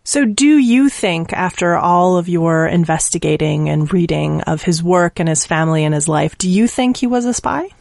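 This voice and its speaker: A woman hosting an interview podcast, asking questions and reading the closing lines in a measured way. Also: on the low side, animated, creaky, a little mellow, no room sound, studio quality. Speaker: host.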